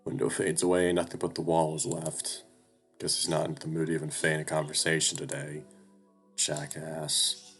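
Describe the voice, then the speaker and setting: Deep-voiced young man narrating a game. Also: monotone, normal speed, a bit bright, faint music behind. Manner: casual, rambling, swears. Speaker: game streamer. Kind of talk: narrating a visual novel playthrough.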